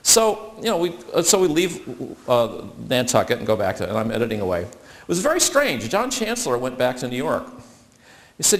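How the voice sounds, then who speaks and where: A man's voice: medium pitch, huge pitch swings, a little fast. A man telling a funny story to an audience, acting out the voices of the people in it. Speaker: speaker.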